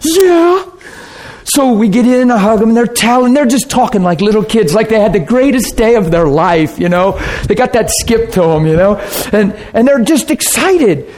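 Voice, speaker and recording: Man, preacher, storytelling sermon, fairly high voice, animated, drops to hushed tones. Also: moderate pace, few pauses.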